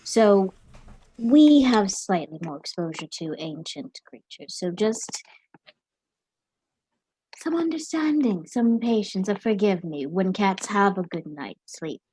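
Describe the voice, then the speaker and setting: A woman playing a stately cat character in a tabletop role-play, speaking in a slow, drawn-out, deliberate way. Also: mid-range voice, expressive, mellow, husky, dry recording, poor audio. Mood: musing. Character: slow, stately cat of an old-fashioned people.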